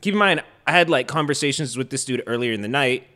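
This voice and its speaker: Animated young man telling a party story. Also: mid-range voice, fast. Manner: animated, acts out quotes loudly. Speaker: co-host. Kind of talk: casual storytelling chat.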